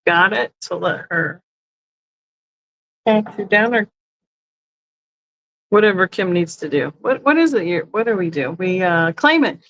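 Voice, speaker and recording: This woman's voice sits fairly low, with lively intonation, a measured pace, many pauses, and a fairly bright tone, captured with lo-fi sound. Sitting in a chair indoors, she hosts a relaxed online sale, thinking out loud about each item and often correcting herself.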